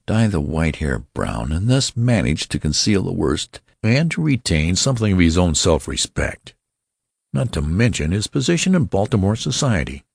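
A man narrating a story as an audiobook, with measured, expressive storytelling. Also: extremely low pitch, vocal fry, husky, dry recording, clean studio sound.

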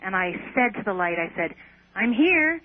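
A woman's voice: fairly low pitch, fast. A woman guest in an interview, earnestly recounting a personal experience with some hesitant restarts. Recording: tinny phone line on radio.

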